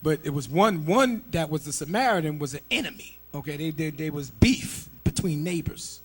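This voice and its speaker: A man preaching a sermon, emphatic and quick to shout, firing rhetorical questions and leading his listeners in call-and-response. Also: fairly high pitch, lively intonation. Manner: calls for scripture reading and call-and-response.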